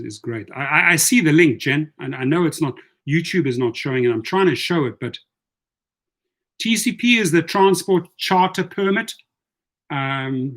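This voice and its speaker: A man's voice: on the high side, a bit bright. A man giving casual livestream advice as a rideshare coach, reading viewer comments aloud and answering them in a chatty way, often repeating words as he goes.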